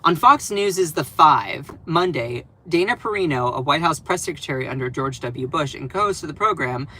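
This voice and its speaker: Bright-voiced man, sarcastic streamer. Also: fairly high pitch, moderate pace, slightly rough, rough recording. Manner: animated, sarcastic, laughs often. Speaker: political commentary live streamer. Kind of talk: live stream commentary.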